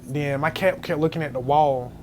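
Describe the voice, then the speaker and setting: A young man telling a scary story in casual storytime style, animated and jumping to high squeals when he quotes himself. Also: normal speed. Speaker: storyteller vlogger. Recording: faint background noise.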